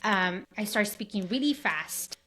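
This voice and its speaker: Woman host, mid pitch, chatty and full of fillers. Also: lively intonation, measured pace, sharp tone, slight background noise. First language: Spanish. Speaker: podcast host. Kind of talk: casual interview chat.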